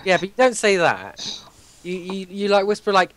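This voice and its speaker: Hesitant man with a lively pitch. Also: no echo. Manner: hesitant, halting with fillers. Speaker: podcast co-host. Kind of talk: casual chat.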